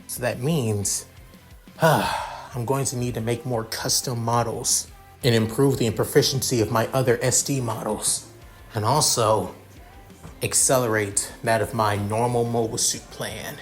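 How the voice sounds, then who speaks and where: A man's voice: medium pitch, steady tone, a little slow, soft background music. A man improvising a fan fiction narration, rambling with many restarts.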